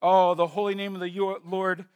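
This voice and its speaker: A man preaching a sermon from a church stage, moving between hushed, slow emphasis and loud declarations, repeating key words deliberately. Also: high-pitched, level tone, clean tone. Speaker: pastor.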